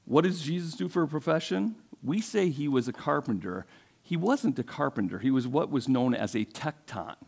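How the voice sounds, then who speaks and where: A man's voice: on the high side, animated, moderate pace, vocal fry, a little mellow, breathy edge. Man preaching a storytelling sermon. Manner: conversational storytelling, asks the congregation questions. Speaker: pastor.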